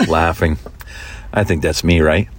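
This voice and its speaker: A man's voice: a bass voice, fairly even intonation, a little slow, no echo. A man hosting a podcast, teasing and joking playfully with a young guest. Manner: teasing, jokey. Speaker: podcast host. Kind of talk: playful chat with a child guest.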